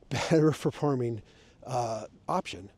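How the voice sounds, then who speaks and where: Mellow-voiced man giving emphatic vlog commentary. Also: medium pitch, slow pace. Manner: conversational, emphatic, with sarcastic asides. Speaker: urban planning advocate.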